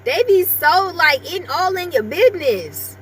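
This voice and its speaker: A woman's voice: very high voice, sing-song, measured pace, fairly bright tone, a little hiss or hum. A woman vlogger chatting casually with her viewers and breaking off now and then to talk to her small dog.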